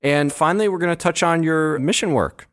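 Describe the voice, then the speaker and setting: A man's voice: on the high side, fairly quick, a bit bright. A man hosting a podcast interview, talking in an upbeat, chatty way. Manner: upbeat, scripted intro then chatty. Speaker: podcast host. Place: conference venue, recorded together.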